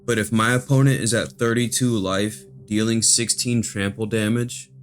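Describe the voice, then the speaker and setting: Monotone man explaining a card deck. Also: on the low side, moderate pace, soft background music. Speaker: host of a card game channel.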